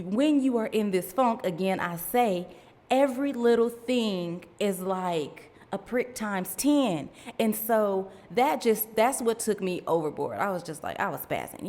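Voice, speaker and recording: A woman's voice: lowish voice, a little mellow. Chatty woman podcast host, reverberant sound. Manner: chatty, addresses listeners directly, laughs at herself. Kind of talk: casual faith podcast storytelling.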